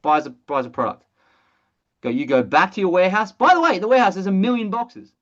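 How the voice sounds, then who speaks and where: Blunt, excitable trainer voice, mid pitch, muffled video-call audio, casual swearing. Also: fast. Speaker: presenter of an online training call. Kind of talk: energetic sales training webinar.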